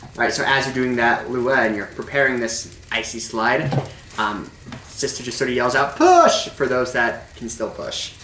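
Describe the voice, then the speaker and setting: Game master, male, relaxed rambling narration, recorded in an echoey room away from the mic. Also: mid-range voice, normal speed, far from the mic, background noise. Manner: loose, filler-heavy narration with frequent "like".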